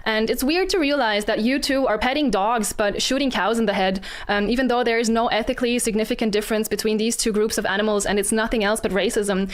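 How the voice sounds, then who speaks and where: A woman arguing a moral position in a debate, earnest and preachy, with frequent pauses and ums. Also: fairly high pitch, fairly even intonation. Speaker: vegan debater. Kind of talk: formal debate argument.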